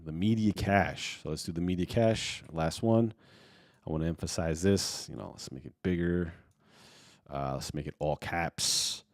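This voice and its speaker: A man giving a casual software tutorial, thinking aloud and filling pauses with ums and you knows. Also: deep voice, no echo, studio quality. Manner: relaxed, thinking aloud with many fillers. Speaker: video editing tutor. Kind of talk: casual screen-recorded tutorial.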